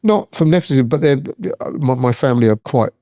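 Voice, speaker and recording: Clean studio sound with a dry recording captures a founder and accountant in his sixties as a podcast guest. His mid-range voice is dark-toned and a little fast, and he talks in a rambling, chatty way full of fillers and restarts.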